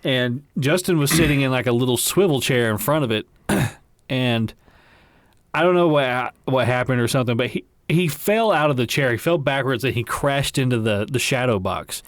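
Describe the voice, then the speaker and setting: Man, podcast co-host, relaxed storytelling, casual cursing, dry close mic. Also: mid-range voice, moderate pace, no room sound. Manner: laid-back, swears freely, laughs at own stories.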